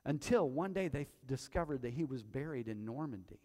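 A male pastor preaching a sermon to his congregation, telling stories with quiet asides that build to loud, emphatic peaks. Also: medium pitch, expressive, a little fast. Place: church hall before a congregation. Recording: long hall reverb.

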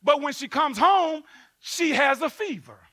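Animated, high-pitched preacher man. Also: unhurried, no room sound. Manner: animated storytelling with sudden loud bursts. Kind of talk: sermon.

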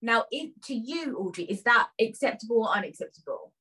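A woman in casual podcast chat, reading out listener dilemmas in an animated, incredulous way. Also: on the high side, fairly quick, husky, low-quality recording.

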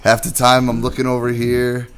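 A man co-hosting a podcast in casual chat, teasing and quick to laugh. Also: mid-range voice, monotone, a bit bright, smooth. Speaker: podcast co-host.

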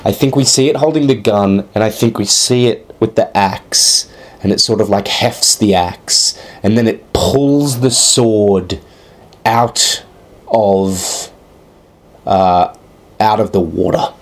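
Man, low-pitched and unhurried, improvising a tabletop game scene, halting and full of fillers. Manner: hesitant, thinking aloud with many fillers.

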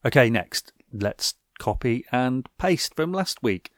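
Man, sports recap host, wry asides, mid pitch, dry close sound. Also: animated, slow pace, no room sound. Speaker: podcast host.

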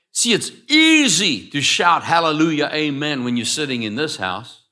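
A man preaching a sermon as pastor, swinging between loud calls and quiet asides and having the congregation repeat phrases after him. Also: on the high side, sing-song, moderate pace, few pauses.

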